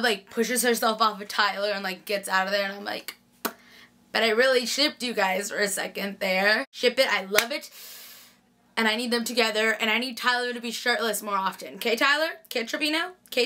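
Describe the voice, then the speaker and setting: A woman's voice: a little high, normal speed, sharp tone. A young woman chatting casually through a TV episode recap, gushing and full of "like". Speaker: TV recap vlogger.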